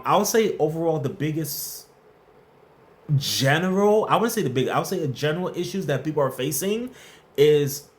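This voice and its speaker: A man hosting a casual workplace advice livestream, answering viewer questions and greeting the chat by name in a playful, slangy way. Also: on the high side.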